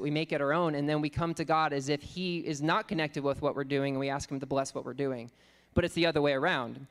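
A man preaching a sermon, teaching earnestly, reading scripture slowly and thinking aloud with fillers. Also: a little high.

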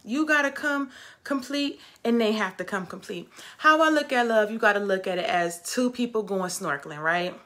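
A woman talks straight to her viewers in a casual, motivational vlog. She repeats her points for emphasis and calls the audience "baby". Her voice is bright and forceful and sits at an ordinary middle pitch. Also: moderate pace. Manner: emphatic and repetitive, addressing viewers as "baby" and "ladies". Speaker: vlogger and travel nurse. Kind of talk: casual motivational talk to camera.

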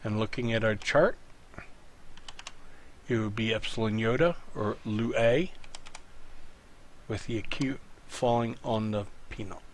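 Slow, patient male tutor at his computer. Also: on the low side, slight background noise. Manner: slow, patient, talks the student through each step. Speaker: Greek teacher. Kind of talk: screen-recorded tutorial lesson.

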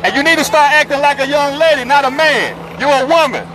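A man preaching in the open air on a city street, forceful and repetitive, calling out the people passing by. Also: very high-pitched, animated, fairly quick. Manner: forceful and repetitive, calls out passersby. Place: busy city street outdoors. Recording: street crowd and traffic noise. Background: crowd chatter and passing vehicles.

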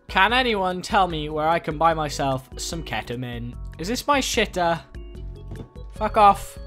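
A young man giving crude, jokey commentary while playing a game, with sudden shouted outbursts. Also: on the high side. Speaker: gaming YouTuber. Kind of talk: let's-play commentary.

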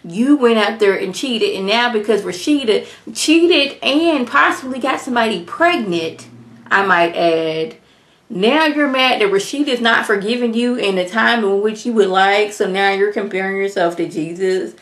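A woman reviewing a reality show in a casual vlog, talking straight to her viewers in an animated way and mimicking the cast now and then. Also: medium pitch, normal speed. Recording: roomy echo.

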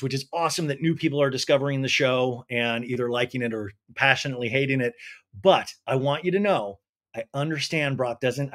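A tipsy male podcast host giving a casual, animated, rambling TV recap. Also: a little high.

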